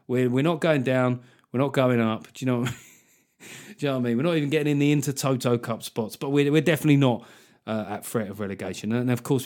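A man hosting a solo podcast, ranting in an animated, sarcastic way and swearing freely. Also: mid-range voice. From Manchester, England. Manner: animated ranting, swears freely, mocking put-on voices of critics. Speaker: podcast host and comedian.

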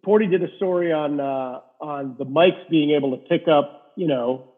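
Husky middle-aged man on a tinny line. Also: on the high side, normal speed. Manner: rambling anecdotes with many fillers. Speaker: rink-side hockey reporter, guest. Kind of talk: casual storytelling interview.

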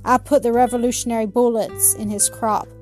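A woman voicing a guilty, earnest little girl in a storybook, speaking softly. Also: on the high side, steady tone, fairly quick, soft background music, natural voice. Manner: soft, contrite, murmuring.

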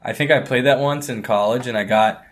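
A young man co-hosting a podcast, telling animated, profane stories in casual chat. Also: mid-range voice, fairly quick. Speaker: podcast co-host. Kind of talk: casual storytelling.

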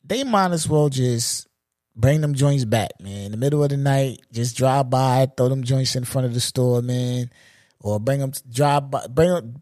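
A man in his forties hosting a solo podcast, ranting in a loose, profane, animated way and laughing at his own jokes. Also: medium pitch, no echo, clean studio sound. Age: 40s. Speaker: podcast host. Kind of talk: solo comedic podcast rant.

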